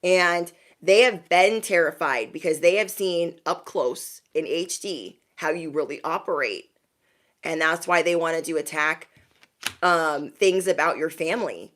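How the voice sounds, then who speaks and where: A young adult woman giving a spiritual reading to her viewers in a chatty style, calling them bestie and acting out quick asides. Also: low-pitched, a bit bright. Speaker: intuitive reader.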